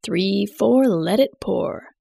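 A smug, eccentric old rain-maker, read by a woman in a storybook tale. He talks gruffly and scolds, pitched a touch below her own voice, and the sound is heavily gravelly with a dry, close, roomless quality. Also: slow, mellow, no echo, exaggerated voice. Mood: sly. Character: eccentric proud older man who summons floods.

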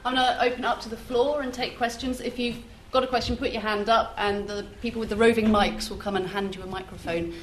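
A woman chairing a festival panel, briskly and politely introducing questions from the floor. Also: on the high side, fairly even intonation. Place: festival hall. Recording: distant, echoey hall with noise.

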